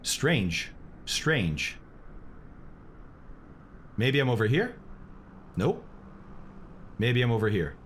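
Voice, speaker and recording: A man's voice: medium pitch, sing-song, drawn-out words, long pauses, fairly bright tone, slight background noise. A man streaming a flight simulator, chatting casually with viewers, reading chat aloud and laughing often.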